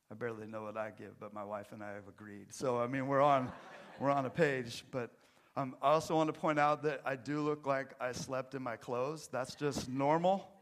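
A middle-aged male pastor delivers a sermon in a church. He mixes self-deprecating jokes with quieter, earnest emphasis, in a voice of middle pitch. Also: creaky.

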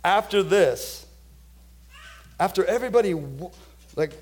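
A male pastor preaching a sermon to his church, moving between quiet, close asides and loud, lifted proclamations. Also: sits high, animated, slow, pauses often. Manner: dynamic preaching, swings from hushed to loud.

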